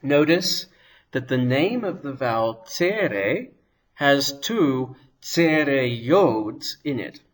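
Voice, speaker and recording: A man gives a language lesson at an unhurried pace, walking through each sound step by step. His voice sits at an ordinary middle pitch, and he lingers over every example so the learner can follow. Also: expressive. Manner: patient, deliberate, pronounces each sound slowly. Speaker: teacher. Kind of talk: slow, careful language lesson.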